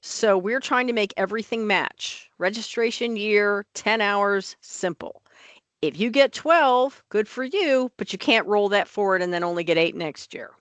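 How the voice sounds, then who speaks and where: A woman's voice: mid-range voice, unhurried, a bit bright, no room sound. A woman on licensing office staff, talking through rule changes at a board meeting in an emphatic, plain-spoken way.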